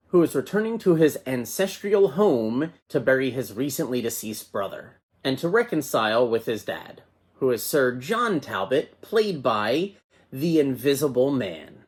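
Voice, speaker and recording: A man hosts a casual movie review and talks in an enthusiastic, conversational way. His voice sits at an ordinary middle pitch. He comes across as chatty and eager. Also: slightly rough.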